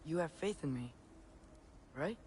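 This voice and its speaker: A man's voice: a little high, animated, measured pace, darkish tone, a little hiss or hum. An actor playing an earnest, slightly awkward teenage boy on a quest, in video game dialogue. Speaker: player character. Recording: game audio over music.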